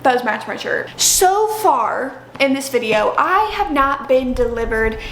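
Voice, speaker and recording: Young woman, high voice, chatty and effusive book vlogger. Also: big pitch swings, a little slow, fairly bright tone, slight background noise. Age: young adult. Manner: chatty and effusive, many "like" fillers. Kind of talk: casual book review vlog.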